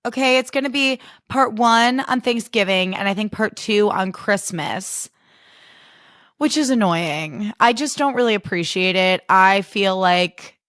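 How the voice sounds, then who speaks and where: A woman in her thirties hosting a podcast in casual chat, her voice raspy after a birthday weekend, gushing and chatty with casual swearing. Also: mid-range voice, a little slow, a bit bright, no room sound, studio quality. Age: 30s. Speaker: podcast host.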